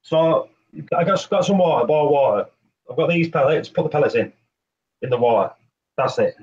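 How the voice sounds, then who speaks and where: Hosting a reef-keeping show on a casual live stream, a man with a slightly high, darkish voice talks a little fast with lively intonation. He is chatty and repetitive, explaining each step as he demonstrates, over slightly muffled audio with faint hiss.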